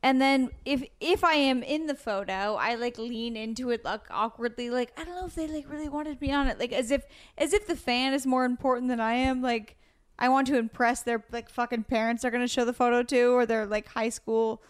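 A woman's voice: on the high side, fairly quick, smooth. A woman comedian, a podcast guest, chatting casually and poking fun at herself. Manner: self-deprecating, chatty. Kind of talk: casual chat.

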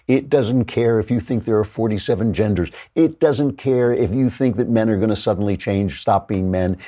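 A man hosts a talk show in a somewhat low voice, delivering an opinionated monologue. He is wry and mocking, breaking into laughter often between points. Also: mellow, breathy edge. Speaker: podcast host.

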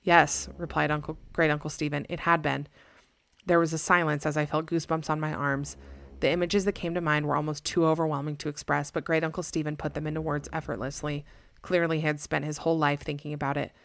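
Low, creaky woman narrating a story. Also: little pitch movement. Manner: measured, dramatic reading. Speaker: podcast host.

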